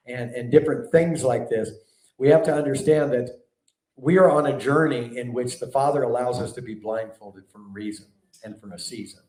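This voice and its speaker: Animated preacher man in an echoey hall. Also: mid-range voice. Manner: animated, conversational, asks the room questions. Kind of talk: sermon. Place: large hall before a live audience. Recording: echoey hall, mic at a distance.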